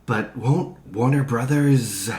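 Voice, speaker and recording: A man's voice: mid-range voice, slow, a little mellow, natural voice. A man voicing a giant bug turned internet celebrity who sounds wry and a little anxious. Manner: wry, self-conscious, mildly anxious. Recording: roomy echo.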